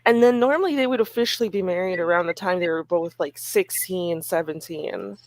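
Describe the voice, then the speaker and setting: A woman's voice: lowish voice, brisk, no echo. Chatty woman, dry close sound. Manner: relaxed, chatty, laughs easily. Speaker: webcomic co-creator streaming. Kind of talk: casual chat.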